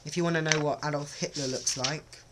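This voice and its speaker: A man's voice: a little high, steady tone, fairly quick, very noisy. Hesitant man doing a vlog. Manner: hesitant, many ums, self-conscious. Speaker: vlogger. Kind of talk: casual accent-test vlog.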